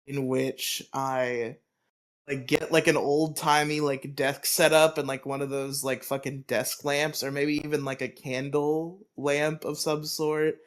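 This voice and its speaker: A man co-hosting a podcast in casual chat, riffing in a rambling, profane, animated way. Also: a little high, unhurried. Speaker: podcast co-host.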